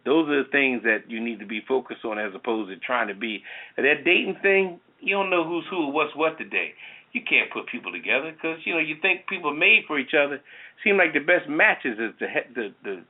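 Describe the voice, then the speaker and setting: A man's voice: mid-range voice, lively intonation, fairly quick. A man hosting a talk show, rambling in casual chat full of "you know". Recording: tinny phone-like sound.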